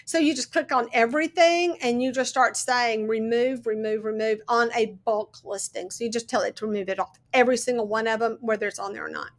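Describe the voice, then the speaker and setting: A woman's voice: fairly high pitch, a little fast, hardly any pauses. A woman hosting a casual crafting livestream, chatty and sleep-deprived, thinking aloud and greeting viewers as they join. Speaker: host of a miniatures crafting livestream.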